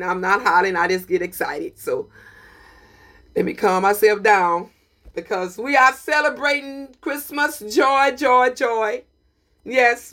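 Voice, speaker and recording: A radio host with a mid-range voice presents a community radio broadcast. She speaks with preachy, emphatic passion and keeps repeating her points.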